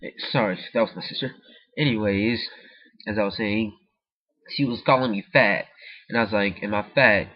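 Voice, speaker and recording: A teenage boy vlogging at home, rambling through a story and jumping into squeaky high voices as he acts it out. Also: normal speed, pauses often, highs cut off. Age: teens. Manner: animated, jumps to squeaky high pitch when acting out the story.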